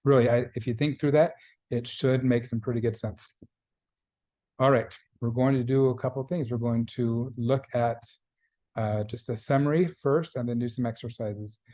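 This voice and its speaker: A man lecturing as a Spanish instructor, with a mellow, dark-toned voice at an ordinary pitch. He walks through the grammar patiently and goes back over each point. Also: fairly even intonation, moderate pace. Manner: patient, explanatory, repeats key points. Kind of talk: recorded lecture.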